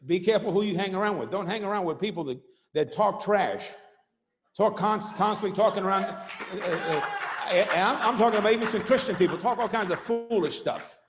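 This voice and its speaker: A high-pitched man preaches as a pastor in a church sanctuary, speaking briskly over some background noise. His sermon is emphatic and rhythmic, peppered with call-outs like "Hello?" and "Huh?" aimed at the congregation, and the church hall leaves a long reverb.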